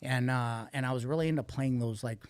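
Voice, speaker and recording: A man's voice: mid-range voice, fairly quick, clean tone, no echo. A man guest on a podcast, candidly telling a rambling, profanity-laced story about addiction and recovery. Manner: profane, blunt, rambling with restarts.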